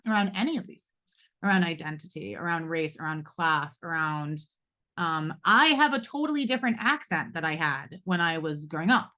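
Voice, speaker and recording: A woman's voice: medium pitch, a bit bright. A woman in her forties moderating a live roundtable, talking reflectively with many fillers and asides. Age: 40s. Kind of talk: live panel discussion.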